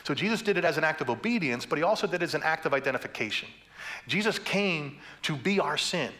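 A man's voice: on the high side, lively intonation, fast talker, bright, forceful tone. A man preaching a sermon as pastor, passionate and building to fervent emphasis, with playful humor between points.

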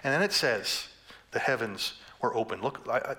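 A man's voice: medium pitch, animated, normal speed, pushed and bright. A man preaching a sermon as pastor, passionate and building to fervent emphasis, with playful humor between points.

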